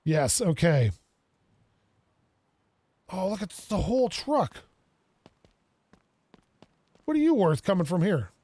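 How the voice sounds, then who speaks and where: Excitable high-voiced young man gaming. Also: dry recording. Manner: excitable, talks to himself, self-mocking. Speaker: gaming video creator. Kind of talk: casual let's-play commentary.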